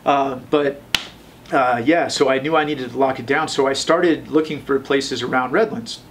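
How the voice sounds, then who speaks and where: A man in his thirties telling his own story in a relaxed interview, rambling with many fillers and acting out the voices of the people he quotes. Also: mid-range voice, moderate pace, distant mic, noisy background. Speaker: tattoo shop owner telling his story.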